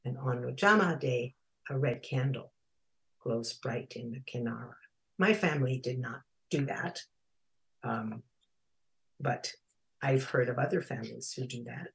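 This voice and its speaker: A speaker with a medium-pitched, creaky, husky voice gives an informal lesson explaining Kwanzaa, reading bits from a children's book. The delivery is thoughtful, with pauses and fillers, and Swahili words are spelled out slowly.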